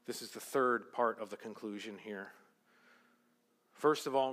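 A male pastor preaching a sermon in an earnest, rhetorical way, slowing down for emphasis. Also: on the low side, fairly bright tone. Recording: long hall reverb.

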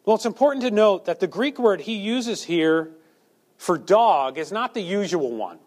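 A man's voice: high voice, animated, normal speed, darkish tone. A male preacher delivering a sermon, asking the listeners rhetorical questions and acting out quotes.

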